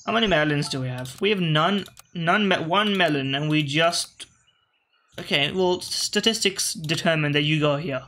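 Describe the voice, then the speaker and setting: Bright-voiced man musing over a game. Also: on the high side, moderate pace, slight background noise. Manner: rambling, self-correcting, talks to his game pieces. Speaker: gaming video host. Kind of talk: casual gameplay commentary.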